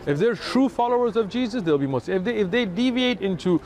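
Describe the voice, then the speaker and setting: A man's voice: sits high, expressive, quick pace, a little mellow, a little hiss or hum. Earnest man explaining outdoors. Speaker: religious outreach volunteer. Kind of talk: street conversation explaining religion. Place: outdoors in a city.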